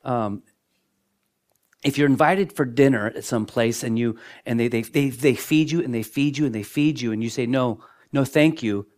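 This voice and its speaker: A man preaching a sermon as pastor, shifting between strong emphasis and soft, hushed moments, often repeating words as he builds a point. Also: mid-range voice, moderate pace. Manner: dynamic preaching, dropping to near-whispers for emphasis.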